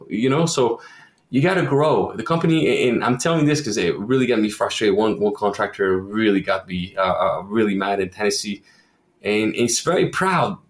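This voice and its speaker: A man's voice: medium pitch, echoey room. A man from Quebec, a roofing company owner, talking in a casual podcast interview and acting out quoted voices as he tells stories. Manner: animated storyteller who acts out quoted voices.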